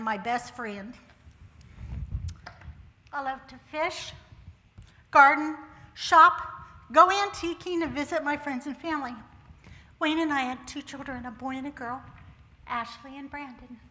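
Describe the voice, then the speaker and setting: A woman's voice: high-pitched, bright, forceful tone, slight background noise. An older woman sharing her personal testimony with a congregation, folksy and humorous, with homespun turns of phrase. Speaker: church speaker sharing testimony. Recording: church hall with long reverb.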